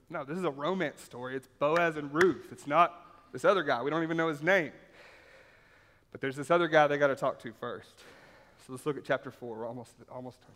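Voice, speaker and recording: A man's voice: a little high, steady tone, normal speed, a bit bright. Conversational preacher man in reverberant hall. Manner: conversational, asks the room "right?" often; repeats himself for emphasis. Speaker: pastor. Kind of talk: sermon with scripture reading.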